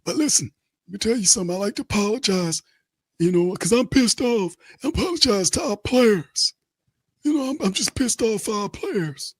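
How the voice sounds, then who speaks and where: A man's voice: high-pitched, expressive, normal speed, slightly rough, no room sound, pitched above the performer's own voice, heavily acted. A man doing a mocking impression of a flustered, rambling male football head coach who stammers through fillers. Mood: defensive.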